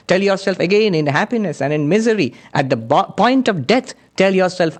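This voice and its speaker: A man's voice: high-pitched, animated, fairly quick, hardly any pauses. A man, a spiritual teacher, giving an earnest lecture that mixes teachings, stories and chanted Sanskrit verses.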